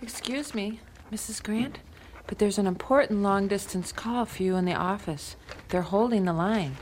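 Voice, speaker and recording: A woman voicing a polite, brisk school secretary in a children's radio drama. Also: medium pitch, noisy background, close to an everyday voice.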